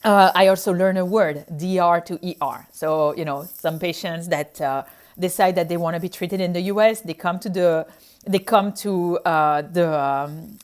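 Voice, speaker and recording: A woman from France with a French accent, a physician telling her own stories in a casual chat and acting out her past reactions. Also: lowish voice. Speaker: physician sharing her experiences.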